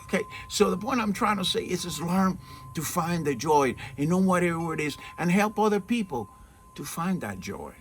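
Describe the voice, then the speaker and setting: An earnest man gives an informal spiritual talk outdoors, his fairly high voice rising and falling in animated swings. He keeps asking rhetorical questions and checking in with "okay?". Faint outdoor ambience with wind chimes sits behind him. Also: moderate pace. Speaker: spiritual teacher. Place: outdoors in the shade at his home, with trees and mountains. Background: faint outdoor ambience with birds and wind chimes.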